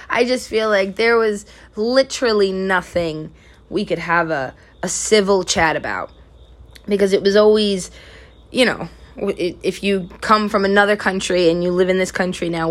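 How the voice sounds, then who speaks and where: A young adult woman hosting a podcast, telling candid, profane stories in a casual monologue and often breaking into loud laughter. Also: medium pitch. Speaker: podcast host.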